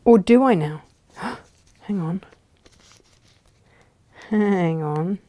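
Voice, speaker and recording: Woman craft host, unhurried, chatty, thinks aloud mid-demo. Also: on the low side, dark tone. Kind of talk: live craft demonstration.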